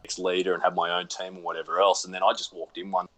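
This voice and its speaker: This Australian actor guest has a deep, fairly bright voice, a level tone and a fast delivery. Relaxed and self-deprecating, he tells stories in a casual chat over a video call from his home.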